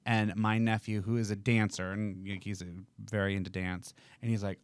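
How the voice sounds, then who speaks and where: Smooth-voiced man hosting a chat. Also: fairly low pitch, a little fast, hardly any pauses, dry recording. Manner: chatty, rambling with restarts. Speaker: host. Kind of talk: casual interview chat.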